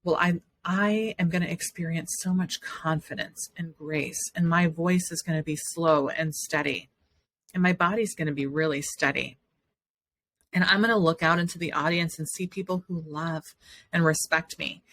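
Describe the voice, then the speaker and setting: With a low, slightly bright voice and fairly even intonation, the woman moves at a moderate pace. She hosts a podcast and offers earnest encouragement and affirmations in a motivational monologue.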